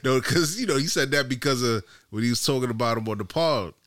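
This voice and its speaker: A man's voice: mid-range voice, fast, fairly bright tone. A man co-hosting a podcast in casual banter, laughing and acting out reactions. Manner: laughing, acts out reactions in quotes. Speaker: podcast co-host.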